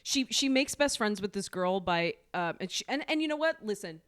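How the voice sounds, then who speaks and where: A woman's voice: mid-range voice, lively intonation, moderate pace, a bit bright, smooth. A chatty woman co-hosting a book podcast, her voice rising and falling freely as she talks. She restarts her sentences often and laughs easily between thoughts. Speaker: podcast co-host. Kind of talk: casual book discussion.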